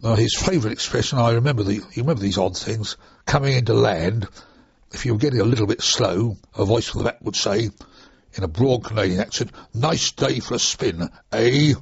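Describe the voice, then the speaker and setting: Gravelly, husky older man. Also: fairly low pitch, fast talker, dry recording. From United Kingdom. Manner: chatty, rambling, chuckling asides. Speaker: interviewee, former RAF trainee pilot. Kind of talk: reminiscing oral history interview. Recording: dull lo-fi dry recording.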